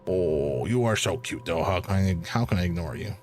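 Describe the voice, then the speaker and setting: A man's voice: sits low, lively intonation, moderate pace, a little mellow, faint music behind. A man casually commenting while streaming a game, with chatty, playful asides.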